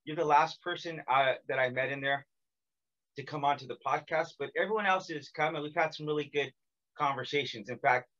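This is an American man running a podcast interview in a relaxed, joking way, ribbing his guest as he goes. His voice is bright and forceful and sits a little high for a man. The recording is muffled and lo-fi. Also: fairly quick. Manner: joking, teasing, energetic. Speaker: podcast host. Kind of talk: casual interview chat.

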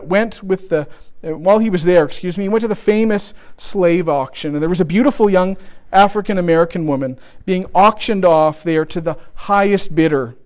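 A man preaching a sermon, telling a story with restarts and slowing down for emphasis. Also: sits high, a little mellow.

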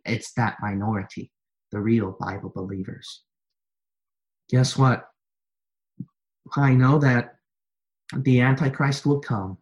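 A man preaching a sermon to his church, repeating refrains and building from quiet, low lines to loud, high-pitched exhortation. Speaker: pastor.

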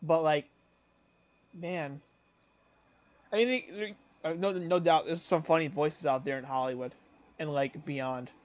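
A man's voice: fairly high pitch, fairly even intonation. A young man co-hosting a podcast, chatting casually and rambling with lots of fillers and restarts. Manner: rambling, full of "like" and restarts, breaks into quick voice impressions. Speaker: podcast co-host. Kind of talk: casual chat.

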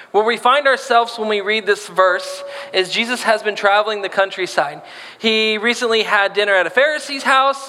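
A man's voice: sits high, bright, forceful tone. A man preaching a sermon, reading scripture and then talking casually and playfully, acting out voices in the quotes. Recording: long hall reverb.

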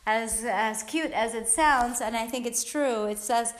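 In an echoey room, a woman who hosts a podcast speaks at a measured pace in a fairly high voice, panting as she exercises. She keeps things cheerful and encouraging, coaching herself along in casual, motivational talk.

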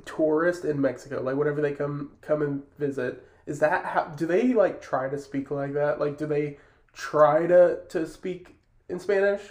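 A man as a podcast guest in casual chat, talking quickly and filling with "like". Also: on the high side, darkish tone. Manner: fast talker, says "like" often. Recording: roomy echo.

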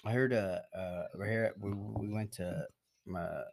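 A man's voice: fairly low pitch, fairly even intonation, a little slow, gravelly. A young man chatting casually on a podcast, rambling and swearing, often trailing off and laughing between thoughts. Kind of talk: casual chat.

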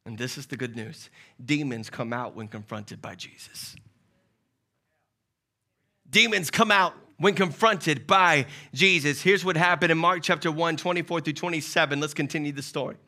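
A man preaching a sermon as pastor, moving from hushed, quiet passages to loud, urgent calls. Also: fairly high pitch, normal speed. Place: church service. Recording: loud music under the voice.

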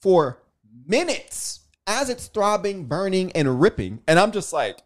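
A man's voice: sits high, very animated, unhurried. Young guy podcast cohost, voice swings up and down a lot, playful storytelling. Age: young adult. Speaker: podcast co-host. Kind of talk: casual chat.

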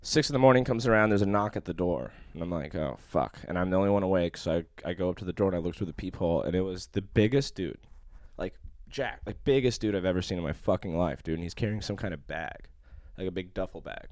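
Low-voiced man telling a story. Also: quick pace, hardly any pauses, darkish tone, no echo, studio quality. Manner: profane, rambling, full of fillers. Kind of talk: casual chat.

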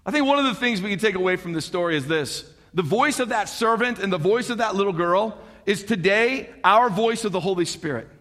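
A man preaching a sermon in an animated, conversational way, with frequent rhetorical questions to the congregation. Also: sits high, long reverb tail.

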